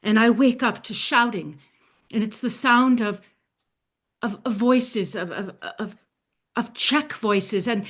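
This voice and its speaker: A woman telling a dramatic story in the first person, speaking in a hushed voice that often sinks to a soft near-whisper. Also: a little high, slow, husky.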